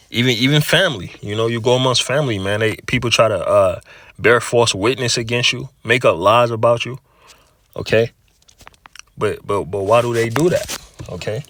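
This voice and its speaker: A man's voice: mid-range voice, a bit bright, slight background noise. A man giving a casual spoken religious testimony, profane and full of repeated words and fillers like "you know", "man" and "okay". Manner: profane, repeats words and fills with 'you know', 'man', 'okay'. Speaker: religious speaker.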